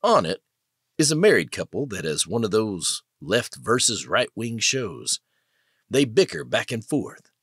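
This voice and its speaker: A man narrating an audiobook in a dramatic, expressive way. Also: on the low side, unhurried, husky, dry recording, clean studio sound. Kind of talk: scripted narration.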